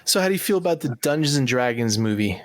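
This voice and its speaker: A man's voice: mid-range voice, expressive, fast talker, dry recording, studio quality. A man co-hosting a podcast, teasing his friends and reasoning things through in casual chat. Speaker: podcast co-host.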